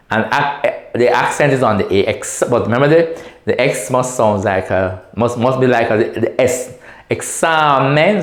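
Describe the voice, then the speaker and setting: A man's voice: medium pitch, reverberant. A man teaching a class at a whiteboard, patiently repeating each word and checking in with his students. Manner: patient, repeats words slowly and often checks with "right?". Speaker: Spanish teacher.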